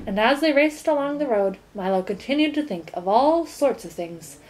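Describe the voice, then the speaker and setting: Woman reading a storybook aloud. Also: medium pitch. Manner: measured, expressive reading aloud. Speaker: audiobook reader. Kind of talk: storybook narration.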